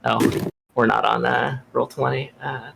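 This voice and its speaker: A man narrating as game master over a video call, relaxed and full of fillers. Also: mid-range voice, unhurried, gravelly, very noisy. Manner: relaxed, many fillers and restarts.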